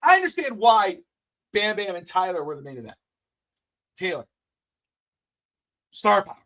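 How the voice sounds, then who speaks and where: A man with a high voice talking casually as a podcast co-host. He is blunt and a little profane, and he swings between low mutters and near-shouting when he gets worked up. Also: very animated, normal speed.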